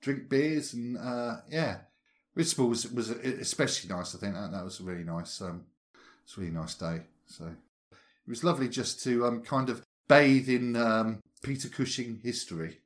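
A man's voice: mid-range voice, moderate pace. A man, co-hosting a podcast in casual chat and telling anecdotes with frequent laughter. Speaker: podcast co-host.

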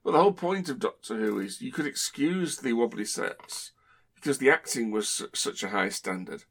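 A man's voice: mid-range voice, animated, normal speed, fairly bright tone. A man from Britain hosting a podcast, talking in a chatty, rambling, wry way. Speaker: podcast host. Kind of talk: casual chat.

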